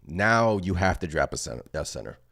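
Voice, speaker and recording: A man hosting a basketball fan channel, reacting live in an excited, rambling way as he thinks aloud. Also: low-pitched, a little fast.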